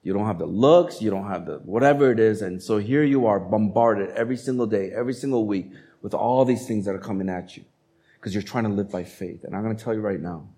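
A man preaching a sermon as a pastor, speaking in a conversational, animated way and acting out quotes. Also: on the low side, fairly quick.

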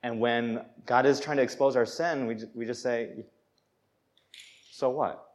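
A young man preaching a sermon in a church, conversational and animated, acting out people's reactions as he speaks. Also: mid-range voice, moderate pace. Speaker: pastor.

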